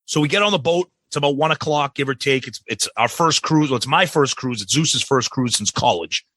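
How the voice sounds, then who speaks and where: Podcast cohost guy, bright sharp voice, dry sound, cussing casually. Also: mid-range voice, lively intonation, fairly quick, no room sound. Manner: casual, profane storytelling. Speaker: podcast co-host. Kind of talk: casual chat.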